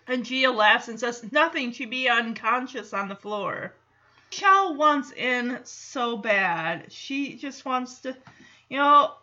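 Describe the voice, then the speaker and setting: A woman's voice: high voice, pushed and bright, dull audio. A woman hosting a podcast, recapping an episode in casual chat and quoting characters in little voices. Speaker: podcast host.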